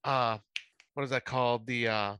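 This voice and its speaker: Bright, rambling male podcast host. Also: mid-range voice, fairly even intonation, normal speed, clean tone, dry recording. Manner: rambling, full of fillers. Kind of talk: casual chat.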